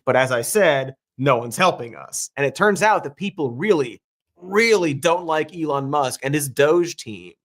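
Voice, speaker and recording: A man's voice: on the high side, animated, moderate pace. Sarcastic male political commentator. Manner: sarcastic, dry mockery.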